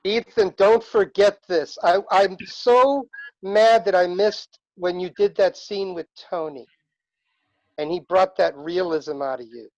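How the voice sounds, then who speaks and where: A man's voice: sits high, measured pace, no echo, poor audio. A man giving passionate feedback to acting students over a video call, acting out their lines as he talks. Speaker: guest director giving feedback.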